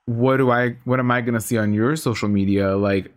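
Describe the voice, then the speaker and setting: A man's voice: medium pitch, steady tone, brisk. A man co-hosting a podcast in casual chat, rambling with lots of likes and laughing often. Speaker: podcast co-host.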